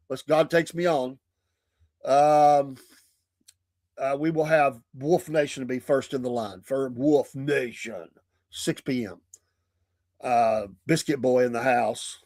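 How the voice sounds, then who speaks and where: A man's voice: on the high side, dry recording, studio quality. A man with a Southern US accent hosting a morning talk show, chatting casually and laughing often between remarks. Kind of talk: casual chat.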